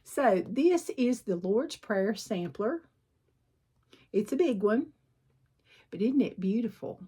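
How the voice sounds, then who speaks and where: A middle-aged woman with a Southern accent chatting casually as she shows her cross stitch projects, rambling a little and often clearing her throat. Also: on the high side, lively intonation, slow, mellow. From southern United States. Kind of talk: casual chat showing needlework projects.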